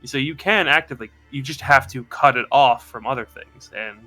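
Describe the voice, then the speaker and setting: A man narrates a tabletop game as its game master, his bright voice halting and full of fillers. Faint music plays behind him. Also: medium pitch. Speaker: dungeon master.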